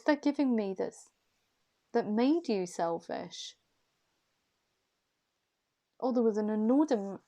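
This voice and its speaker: A woman's voice: medium pitch, dark tone. A woman giving a casual, chatty tarot reading, musing aloud and repeating her questions to the cards. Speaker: intuitive tarot reader.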